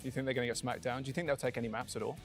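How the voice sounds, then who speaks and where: A man's voice: medium pitch, steady tone, very fast. A man interviews players at an esports event and keeps his questions playful and teasing. Faint music sits under his voice.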